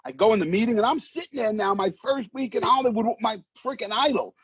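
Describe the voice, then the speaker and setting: A man, an actor telling stories in a casual interview, animated and swearing, acting out voices. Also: high-pitched, fast talker, husky, no room sound. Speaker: actor guest. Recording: dull muffled sound, dry.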